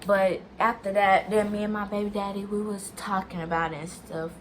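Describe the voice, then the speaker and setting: A woman's voice: mid-range voice, flat delivery, a little fast, a little hiss or hum. A young woman vlogger telling a personal story in a casual, rambling way, talking straight to viewers and filling sentences with "like". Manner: chatty, talks straight to viewers as "y'all"; rambling, restarts sentences, many "like"s.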